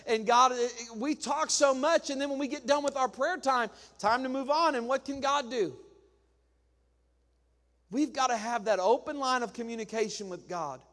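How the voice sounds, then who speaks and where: A man's voice: extremely high pitch, moderate pace, fairly bright tone. A man preaching a sermon as pastor, in a chatty style, acting out quotes with humor. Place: church sanctuary. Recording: long church reverb.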